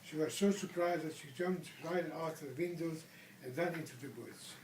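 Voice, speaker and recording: An older man, a grandfather, gently reading a bedtime story aloud at home and asking the child questions. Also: a little high, moderate pace, noisy background. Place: room at home. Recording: echoey room from a distance.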